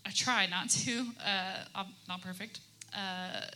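Thirties woman, earnest panel speaker, even delivery with a bright tone. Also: mid-range voice, slow. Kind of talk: faith-based panel talk.

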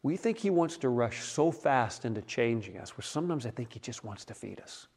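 A man preaching a sermon as a pastor, retelling stories in a casual, conversational way and often dropping to a soft hush. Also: medium pitch, expressive, fairly quick, slightly rough.

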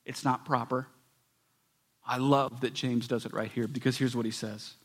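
A man preaching a sermon as pastor, swinging between loud emphatic passages and soft, hushed ones. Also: mid-range voice, flat delivery, normal speed.

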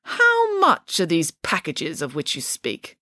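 A woman voicing a pompous, imperious female pig nanny who is quick to pick a fight. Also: fairly low pitch, wildly swooping pitch, pushed and bright, dry recording, studio quality, full character voice. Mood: indignant. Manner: indignant, imperious, sarcastic.

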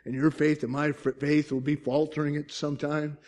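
A middle-aged man preaching a sermon as pastor, swinging between loud, fast stretches and quiet, drawn-out ones, often asking the congregation "Amen?". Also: fairly high pitch, level tone.

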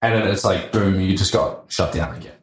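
An Australian man on a podcast tells his story in a casual, animated way. His voice sits low, and he throws in swear words and acts out other people's quotes as he goes. The room around him is echoey. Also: brisk, a little hiss or hum. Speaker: podcast guest, entrepreneur.

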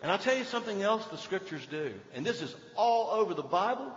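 An older man preaching a sermon, swinging between emphatic lines and hushed ones. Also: high voice, sing-song, brisk. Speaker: pastor. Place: church sanctuary. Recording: dull echoey church hall recording.

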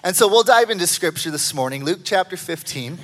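A man preaching a sermon as a pastor, telling stories with excited jumps in his voice. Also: fairly quick. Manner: animated storytelling with excited pitch jumps.

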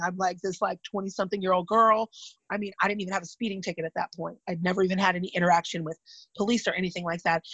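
Speaking in a medium-pitched, slightly rough voice, this thirty-something Californian woman chats casually, recounting personal stories with candor, animation, and vivid asides. There's no echo, but the recording sounds muffled.

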